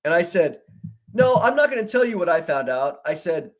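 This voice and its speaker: A man co-hosting a discussion, telling an animated story and acting out the dialogue he quotes. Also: fairly high pitch, moderate pace. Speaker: co-host. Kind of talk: conversational discussion.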